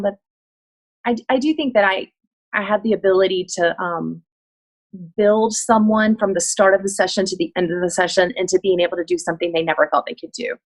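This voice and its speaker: A woman Pilates instructor chatting as a guest on a video call, earnest and heartfelt, often restarting her sentences. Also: medium pitch. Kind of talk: casual chat on a video call.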